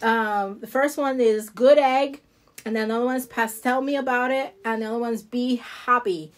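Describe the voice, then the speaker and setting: A woman's voice: a little high, fairly even intonation, moderate pace. A woman with a New Jersey accent chatting casually to viewers as she shows off nail products, rambling and laughing easily. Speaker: independent nail product seller. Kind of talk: casual live product showcase.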